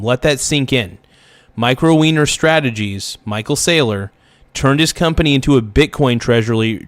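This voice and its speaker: A man of middle pitch rants through an angry reaction video. He swears freely, repeats himself and keeps building his outrage. The sound is dry and close. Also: dry recording. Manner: heated, profane, ranting with repeated phrases.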